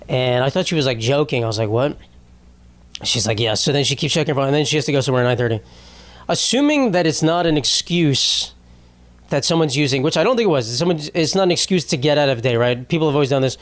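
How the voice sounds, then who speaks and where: A man's voice: a little high, animated, brisk, dry recording. A young man hosting his own podcast, ranting in an exasperated, rambling way, swearing often and restarting his sentences. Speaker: podcast host. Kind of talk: unscripted comedic solo podcast rant.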